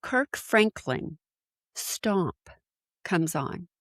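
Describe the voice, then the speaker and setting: Speaking very slowly, this animated podcast guest, a woman in her forties from San Diego, USA, tells stories in casual conversation. She uses lots of fillers and voices quoted speech with big pitch jumps, in clean studio sound with no echo.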